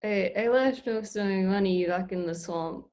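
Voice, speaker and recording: A woman voicing a deadpan, broke male alligator puppet with a flat, hesitant delivery. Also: medium pitch, normal speed, lightly acted.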